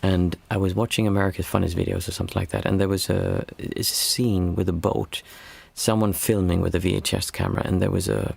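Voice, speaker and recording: A man's voice: sits low, flat delivery, a little fast, creaky, hardly any pauses, a little mellow, slightly rough, no echo. A man who is a meditation teacher and former monk, talking through a livestream Q&A in a reflective, storytelling way with frequent restarts. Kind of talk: casual livestream Q&A talk.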